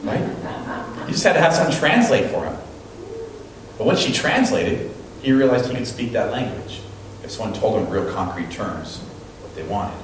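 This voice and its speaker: A man's voice: on the low side, moderate pace, pauses often, background noise. A man preaching a sermon as a pastor, telling stories and acting out what people said. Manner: animated storytelling, acting out quotes. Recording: very echoey room, mic at a distance.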